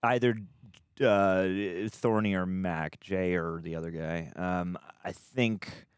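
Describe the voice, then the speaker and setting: A low-voiced man talks through a film he just watched, rambling and restarting his sentences as he goes. The sound is dry and close, with no room echo. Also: clean tone. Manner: rambling, halting, many fillers and restarts. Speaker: movie reaction co-host. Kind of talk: casual chat.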